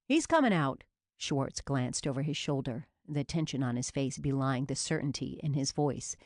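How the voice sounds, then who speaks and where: Woman, audiobook narrator, low voice, dry close sound, measured scripted narration. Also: flat delivery, a little mellow, dry recording.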